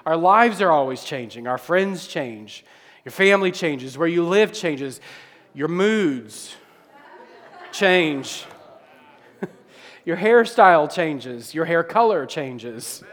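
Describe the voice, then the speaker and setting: A man in his thirties preaching a sermon to his church congregation, animated and joking with the crowd. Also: fairly high pitch, slow pace, pauses often. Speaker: pastor. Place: church sanctuary. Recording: long hall reverb.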